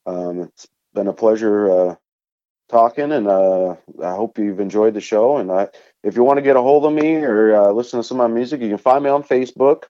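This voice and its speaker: A man's voice: on the low side, brisk, dark tone, highs cut off. A man from Vermont with a Vermont accent, a musician guest telling easygoing stories in a casual interview and laughing often.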